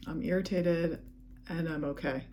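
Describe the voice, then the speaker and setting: A woman leading a guided EFT tapping session, speaking calm, repetitive affirmations. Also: low voice, moderate pace, a little hiss or hum.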